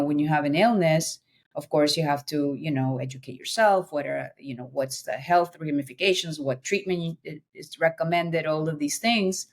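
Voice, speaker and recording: A middle-aged woman, a podcast guest, telling her personal story in an earnest, animated way with many fillers. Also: deep voice.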